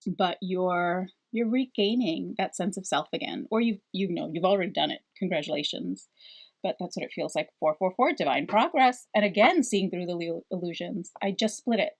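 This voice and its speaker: A woman's voice: on the low side, moderate pace. A middle-aged woman giving a casual, reassuring spiritual card reading, rambling with fillers. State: out of breath. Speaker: tarot card reader.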